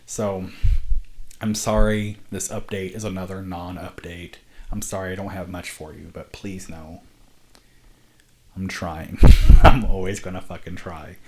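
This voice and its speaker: A low-pitched man rambles to the camera in a loose, sweary vlog, earnest and quick to laugh. His voice sits deep in the register. A faint hiss runs under the recording. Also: steady tone. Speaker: vlogger, independent filmmaker.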